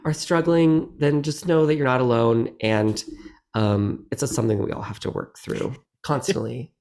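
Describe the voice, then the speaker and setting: A man's voice: medium pitch, steady tone, normal speed, a little mellow. Chatty, meandering middle-aged man. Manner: chatty, meandering, self-deprecating. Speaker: guest actor. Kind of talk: casual interview chat.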